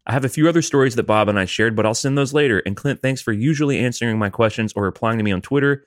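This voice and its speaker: A man's voice: medium pitch, racing, no room sound, clean studio sound. A man co-hosting a podcast, chatting loosely and reading listener emails aloud. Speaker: podcast co-host.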